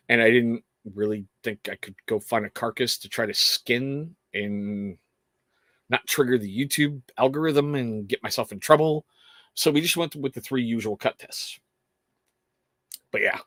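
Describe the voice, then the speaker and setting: A man's voice: mid-range voice, a bit bright, no echo, studio quality. A man hosting a casual livestream, talking in a rambling, earnest way with frequent restarts. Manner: rambling, self-interrupting, earnest. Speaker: livestream host.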